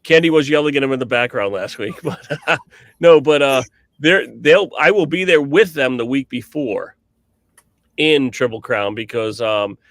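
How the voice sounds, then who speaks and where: A man co-hosting a casual cornhole podcast, telling lively stories with lots of fillers and restarts. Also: medium pitch, normal speed, no echo, studio quality. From New England, US. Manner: animated storyteller with frequent fillers and restarts. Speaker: cornhole podcast co-host and commentator.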